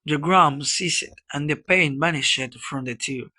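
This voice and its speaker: A man narrating a classic children's storybook in a slow, measured reading. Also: on the high side, pushed and bright. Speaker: audiobook reader.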